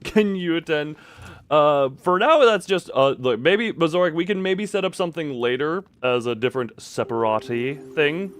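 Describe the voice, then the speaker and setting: A man's voice: fairly high pitch, expressive, normal speed, a bit bright. A man streaming a video game, chatting loosely with his viewers, restarting his sentences and laughing often. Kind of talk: casual live-stream chat while playing.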